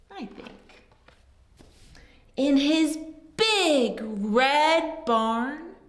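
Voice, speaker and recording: Woman storyteller for toddlers. High, very lively, unhurried delivery with whispered asides, in an echoey room. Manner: sing-song, animated picture-book reading with soft whispered asides. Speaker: storyteller teaching baby signs. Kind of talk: read-aloud for young children.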